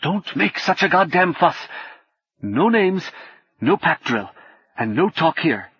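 A male narrator voicing a bad-tempered old male hacker with a South African accent, gruff and snapping. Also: on the high side, animated, moderate pace, a bit bright, no room sound, highs cut off, voice pushed up. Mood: irritable.

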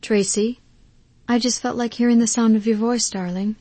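A woman voicing a gentle middle-aged mother who speaks tenderly in an audiobook, keeping her voice carefully steady. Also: on the high side, normal speed, no room sound, lightly acted. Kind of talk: audiobook character reading.

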